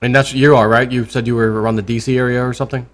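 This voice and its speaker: A man's voice: mid-range voice, flat delivery, very fast. Rambling, jokey man hosting. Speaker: crypto YouTube host. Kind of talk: casual interview.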